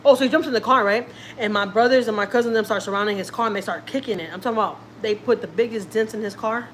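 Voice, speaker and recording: A woman's voice: medium pitch, fast, a little hiss or hum. A woman, a family vlogger, telling a personal story casually and acting out what people said, repeating herself often. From Houston, Texas. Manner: chatty, repeats herself, acts out quotes.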